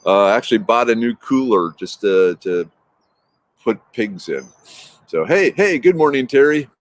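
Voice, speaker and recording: A man's voice: mid-range voice, expressive, normal speed. A man hosting a casual morning livestream from his backyard, greeting viewers by name in an upbeat, rambling way. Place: outdoors in a backyard. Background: traffic noise.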